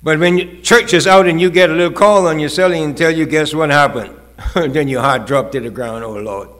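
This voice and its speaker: A man's voice: fairly high pitch, normal speed, a bit bright. A male pastor preaching a sermon, with rising, emphatic calls and acted-out quotes.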